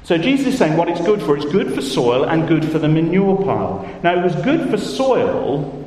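A man's voice: on the high side, big pitch swings, normal speed, darkish tone, slight background noise. A man preaching a sermon in a church, emphatic, with rhetorical questions and repeated phrases. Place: church or large hall. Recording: echoey hall from far off, faint ambience.

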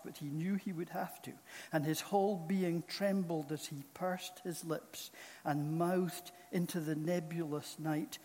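A man preaching a sermon in a church, speaking in a slow, solemn and earnest way. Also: fairly high pitch, a little mellow. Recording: long reverb of a large hall.

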